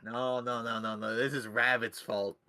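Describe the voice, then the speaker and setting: A man hosting a casual podcast over a call, sarcastic and deadpan, swearing freely. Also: medium pitch, normal speed. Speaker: podcast host. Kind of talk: casual chat.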